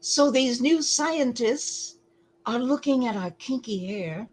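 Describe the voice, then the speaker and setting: A woman giving lecture-style commentary, deliberate and emphatic, often pausing to ask rhetorical questions. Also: fairly high pitch, lively intonation, slight background noise, low-quality recording.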